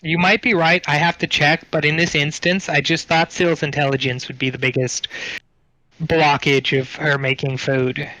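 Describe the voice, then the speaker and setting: A man's voice: a little high, level tone, normal speed, bright, forceful tone, no room sound, poor audio. Wry man running a tabletop game. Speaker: game master.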